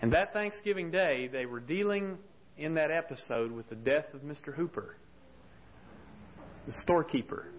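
A man's voice: a little high, moderate pace, long pauses, slight background noise, low-quality recording. A man preaching a sermon, telling a story earnestly and building to impassioned rhetorical questions. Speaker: pastor.

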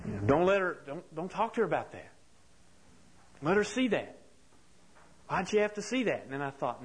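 A man's voice: on the high side, very animated, moderate pace, long pauses, slight background noise, low-quality recording. A man preaching a sermon, telling a story earnestly and building to impassioned rhetorical questions. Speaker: pastor.

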